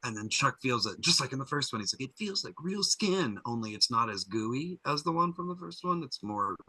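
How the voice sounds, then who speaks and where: A man guest on a podcast, recapping an episode in a lively, jokey way and slipping into character voices. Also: medium pitch, brisk, no room sound, poor audio. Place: podcast studio.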